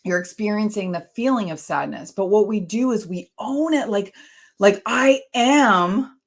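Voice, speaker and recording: A woman author, a guest on a conversational interview, telling stories in an animated way and laughing easily. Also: mid-range voice, moderate pace.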